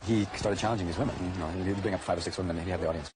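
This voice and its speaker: A man with a very deep voice tells anecdotes at a rapid clip in a documentary interview. His delivery is animated and vivid. Faint background noise sits under the voice. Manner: rapid, animated storytelling that bursts into shouted quotes. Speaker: interviewee recalling a friend.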